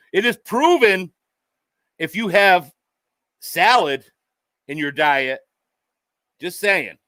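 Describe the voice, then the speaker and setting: A man's voice: fairly high pitch, a bit bright, dry recording, studio quality. A man vlogging a sarcastic, profane monologue, mockingly addressing an unseen "sir" over and over.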